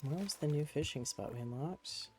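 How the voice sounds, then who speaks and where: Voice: mid-range voice, moderate pace, darkish tone, soft background music, low-quality recording. A streamer chatting casually while playing a game at a home desk, cooing to a pet cat between musing remarks.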